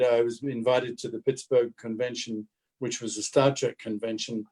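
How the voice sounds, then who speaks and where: A man's voice: medium pitch, a little mellow. A man in his seventies from Australia, an actor telling stories about his career in a casual interview and repeating words as he gathers his thoughts. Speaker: actor and guest.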